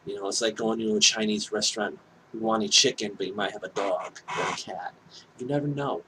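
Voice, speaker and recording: A man with a fairly low voice tells a story from his own life in a loose, rambling way. He talks candidly and keeps breaking off for asides and apologies. Faint noise sits behind him. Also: steady tone, fairly quick, bright, forceful tone, rough recording. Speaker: vlogger telling a personal story. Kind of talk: casual storytelling monologue.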